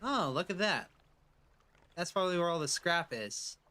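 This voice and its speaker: Male streamer, slightly high, bright voice; casual rambling commentary with joking pirate asides. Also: sing-song, normal speed.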